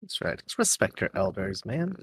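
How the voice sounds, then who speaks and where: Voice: low voice, big pitch swings, moderate pace, a bit bright, breathy edge, no room sound, clean studio sound. A player in a tabletop game speaking politely and hesitantly, with many fillers. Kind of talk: tabletop role-play.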